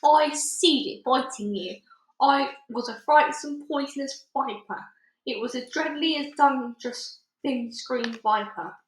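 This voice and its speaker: A woman's voice: high-pitched, unhurried, pitched above the performer's own voice. A woman voicing a big, kind old male giant who talks earnestly in jumbled grammar full of made-up words. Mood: urgent, crafty. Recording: roomy echo.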